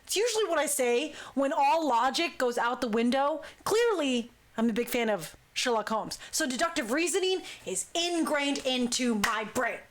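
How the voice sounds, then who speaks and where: A woman hosting a talk show, telling a story in a lively, casual way and acting out what people said. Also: high voice, moderate pace, hardly any pauses. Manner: lively, acts out quoted speech. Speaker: talk show host, dance crew member.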